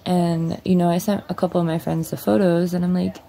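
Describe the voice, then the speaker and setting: A woman's voice: on the low side, flat delivery, fairly quick, creaky, mellow, slight background noise. A woman vlogger at home, bluntly and profanely retelling a story in a casual storytime.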